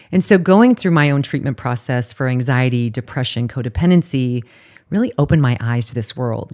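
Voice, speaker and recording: A woman's voice: a bass voice, mellow. A woman in her forties, a clinical director and therapist, answering interview questions in an earnest, emphatic way.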